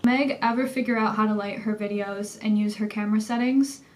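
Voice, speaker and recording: A young Canadian woman vlogging a casual storytime from home, chatty and animated, full of "like" fillers. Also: mid-range voice, brisk. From Canada, Toronto. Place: indoors at home by a window.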